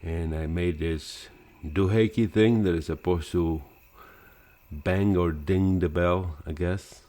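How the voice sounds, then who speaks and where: A man hosting a woodturning channel, talking through his project in a relaxed, rambling voice-over with fillers. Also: sits low, takes it slowly. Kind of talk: casual voice-over narration.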